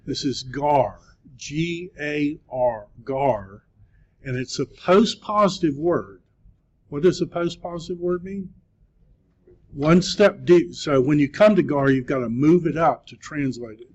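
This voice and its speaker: A man teaching a Greek class, speaking patiently and encouragingly, with frequent pauses. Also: on the high side, a little mellow. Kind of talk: classroom lecture. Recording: dull lo-fi classroom recording.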